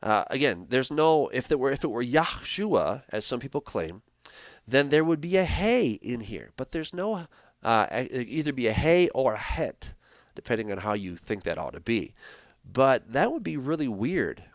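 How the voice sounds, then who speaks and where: A man's voice: mid-range voice, big pitch swings, moderate pace, no echo, lo-fi sound. A man giving a Bible lecture while sharing his screen, explaining things step by step and often checking in with "right?". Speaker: Bible teacher.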